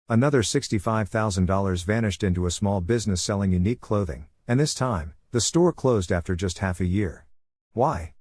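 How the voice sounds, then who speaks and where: A man reading a first-person story aloud in a steady, even storytelling manner. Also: on the low side, no room sound, clean studio sound. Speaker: narrator.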